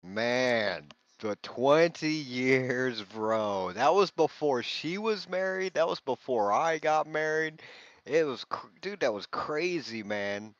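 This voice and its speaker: Slow, rambling man on a dull mic. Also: mid-range voice, animated, no room sound. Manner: rambling storyteller, calls listeners man and bro. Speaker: livestream host. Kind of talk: casual chat. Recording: dull lo-fi sound.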